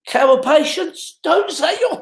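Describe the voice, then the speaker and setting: A man's voice: extremely high pitch, animated, a little slow, reverberant, slight background noise. A man from the hosting a casual live show from home, emotional and chatty. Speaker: host.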